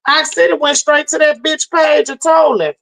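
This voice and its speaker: A woman's voice: sits high, steady tone, normal speed, creaky, a bit bright, low-quality recording. A woman hosting a livestream and telling her chat a story in a heated, profane rant, a little tipsy from drinking. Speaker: livestream host.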